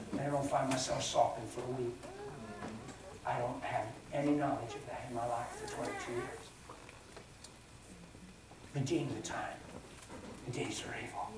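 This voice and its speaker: Man, pastor, plain-spoken sermon, hushed to loud, recorded far off, clear background noise. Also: mid-range voice. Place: large church hall. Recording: echoey hall from far off.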